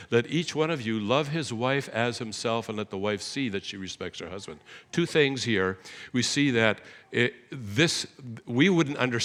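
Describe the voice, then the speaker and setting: A man's voice: mid-range voice, a bit bright. A man giving an earnest, explanatory sermon in a church, often correcting himself mid-sentence. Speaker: guest preacher. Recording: reverberant church hall.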